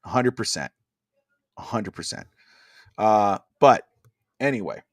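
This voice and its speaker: A man's voice: lowish voice, expressive, a little slow, dry recording, studio quality. A man co-hosting a casual wrestling podcast over a video call, rambling with many fillers and restarts. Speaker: podcast co-host.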